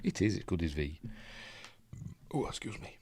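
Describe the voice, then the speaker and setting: A Yorkshire man hosts a casual film breakdown, reading out live chat in a chatty, rambling way that often loses its place. His low voice is slightly mellow and a bit rough, with lively intonation, a moderate pace and no room sound.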